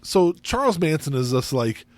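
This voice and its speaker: A man's voice: on the high side, sing-song, moderate pace, no room sound. A man co-hosting a casual podcast, joking and swearing freely. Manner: joking, swears a lot, brief agreeing replies. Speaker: podcast co-host.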